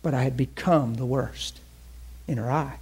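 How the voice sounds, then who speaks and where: A man preaching a sermon with impassioned delivery, moving between loud bursts and hushed lines. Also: medium pitch, normal speed, slightly rough. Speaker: pastor.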